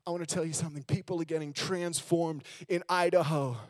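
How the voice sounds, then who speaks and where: A man preaching a sermon in a church, telling candid, self-mocking stories and swinging between loud emphasis and low, hushed lines. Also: steady tone, brisk, no echo. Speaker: guest preacher. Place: church sanctuary.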